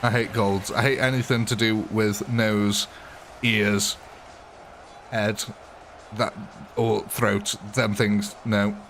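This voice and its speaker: A man with a fairly low voice hosts a live gameplay stream, talking loosely and off the cuff. He rambles between topics, greets viewers by name and breaks into laughs often. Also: flat delivery, slow, pauses often, fairly bright tone, slight background noise. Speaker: game livestreamer.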